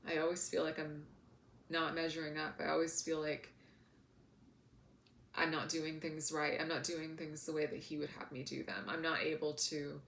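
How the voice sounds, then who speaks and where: A woman talking in a casual, heartfelt vlog as a spiritual coach, soft and earnest with many fillers. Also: low-pitched, level tone, moderate pace, creaky. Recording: echoey room with faint noise.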